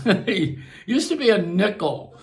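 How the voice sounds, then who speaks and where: Older male host with a slightly high voice, loose, self-mocking monologue. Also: sing-song, slow pace. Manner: chatty, self-mocking, laughs at his own jokes. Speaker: radio and broadcast host. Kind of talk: casual rambling monologue.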